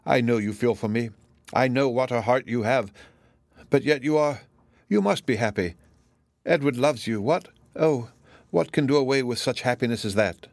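A man voicing a grief-stricken young woman in an audiobook, pleading and anguished, a little higher than his own voice. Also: normal speed, no room sound, close to an everyday voice. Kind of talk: audiobook character voice.

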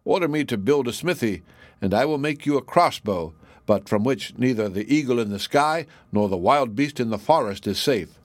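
A man's voice: medium pitch, expressive, normal speed, no room sound, lightly acted. Man reading as a plain-spoken young smith.

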